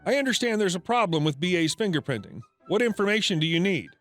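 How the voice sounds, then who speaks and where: A woman's voice: fairly low pitch, very animated, fast, soft background music. A man voicing a polite, apologetic woman HR director speaking on the phone.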